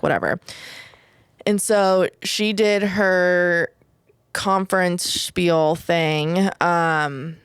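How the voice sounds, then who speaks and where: A woman telling a personal story in relaxed podcast chat. Her voice is smooth and crisp, set a little low, and the recording sounds dry and close. She talks candidly, with plenty of "like" and "whatever.". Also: dry recording. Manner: swears casually. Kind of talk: casual chat.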